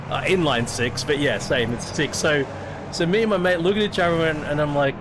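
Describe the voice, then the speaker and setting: With a fairly high, expressive voice at a moderate pace, this middle-aged Australian sim racing streamer chats casually through a story. He curses freely, wanders, and restarts often, against noticeable background noise.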